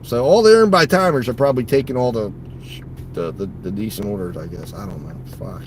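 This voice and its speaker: A man who drives for a delivery app, talking casually to viewers from his car, swearing freely and swinging between muttered grumbling and loud outbursts. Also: fairly low pitch, brisk, noisy background. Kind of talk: casual vlog while driving.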